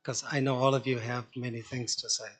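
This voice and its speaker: A man's voice: medium pitch, little pitch movement, a little fast, a bit bright. A man telling anecdotes at a memorial, apologetic about the time and chuckling. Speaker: speaker at a memorial. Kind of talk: anecdotal eulogy.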